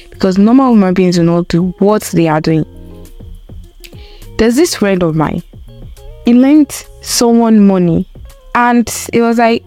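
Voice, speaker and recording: A woman's voice: medium pitch, normal speed, mellow, faint music behind. A young woman giving a casual opinion rant to camera, emphatic and repetitive, full of rhetorical questions. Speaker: vlogger.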